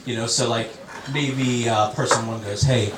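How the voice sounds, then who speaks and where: A man doing a stand-up comedy set, telling self-mocking stories in a relaxed conversational way. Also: medium pitch, moderate pace, noisy background. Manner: conversational storytelling, self-mocking, mimics others in quoted bits. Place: comedy club stage with a laughing audience. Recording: roomy club sound, mic far off, loud audience laughter.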